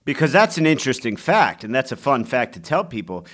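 A man's voice: mid-range voice, sing-song, brisk, fairly bright tone. A man co-hosting a podcast in casual chat, playful and argumentative. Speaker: podcast co-host.

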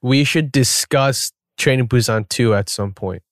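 Animated male podcast co-host. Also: medium pitch, unhurried, no room sound, studio quality. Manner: animated storyteller, acts out scenes. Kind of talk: casual film-discussion chat.

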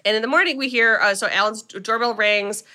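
A woman co-hosting a podcast who retells a film plot in a chatty, animated way with plenty of filler words. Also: on the high side, fast talker. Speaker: podcast co-host. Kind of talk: casual film recap.

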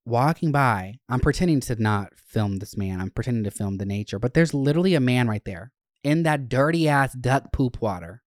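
A young adult podcast host telling stories in a casual, animated, profane way. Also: mid-range voice, moderate pace, no room sound, clean studio sound. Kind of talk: casual chat.

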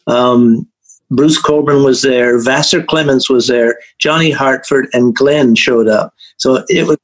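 A man's voice: medium pitch, steady tone, measured pace, low-quality recording. A man hosting a music podcast, chatting casually and sharing an enthusiastic memory, with phrases repeated for emphasis. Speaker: podcast host. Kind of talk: casual chat.

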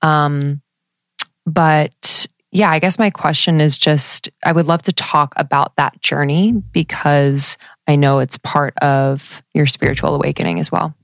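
A woman's voice: low-pitched, fairly even intonation, a little slow, no room sound, clean studio sound. A woman hosting a podcast, asking effusive, heartfelt questions in casual chat. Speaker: podcast host.

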